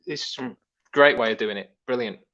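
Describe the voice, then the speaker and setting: A man chats as a guest, rambling and restarting his sentences. His voice sits mid-pitch and the audio is dull and lo-fi. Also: big pitch swings, normal speed, creaky, pushed and bright, slight background noise. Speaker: guest musician. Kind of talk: casual chat.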